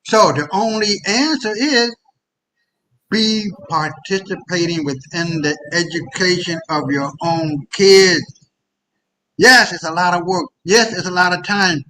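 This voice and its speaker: A man's voice: high-pitched, measured pace, pushed and bright, slight background noise, low-quality recording. A man on a discussion panel urging parents in an emphatic, profane way. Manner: emphatic and profane, repeats words as he builds. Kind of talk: impassioned exhortation.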